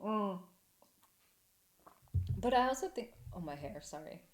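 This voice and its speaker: A woman co-hosts a podcast in relaxed chat. She is playful and keeps acting out small quoted scenes in a lifted voice, at a middling pitch. An echoey room surrounds her voice. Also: a little slow. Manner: playful, acts out little quoted scenes in a raised voice. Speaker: podcast co-host. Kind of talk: casual chat.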